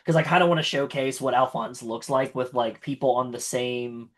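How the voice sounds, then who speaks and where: A man with a mid-range voice speaks at normal speed, chatting casually as a tabletop game player after a game. He rambles through compliments with lots of fillers and restarts.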